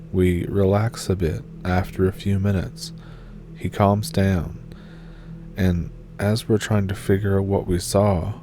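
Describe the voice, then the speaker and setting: A man narrating a first-person horror encounter story in a steady, measured read. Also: low-pitched, slight background noise.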